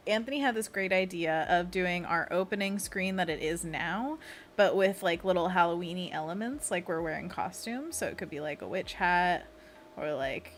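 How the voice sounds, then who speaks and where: A woman's voice: on the low side, a little hiss or hum. A woman hosting a casual livestream, chatting and giggling as she plans designs and leads viewers through a hand stretch. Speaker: livestream host.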